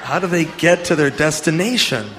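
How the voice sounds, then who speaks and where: A man's voice: fairly high pitch, moderate pace. A young man doing a stand-up comedy set, rambling, swearing and laughing at his own jokes, recorded live in a comedy club. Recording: live club with audience noise.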